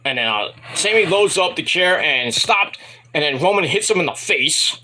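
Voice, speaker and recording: A man casually reviewing a wrestling event in a rambling, animated retelling with asides. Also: on the high side, normal speed.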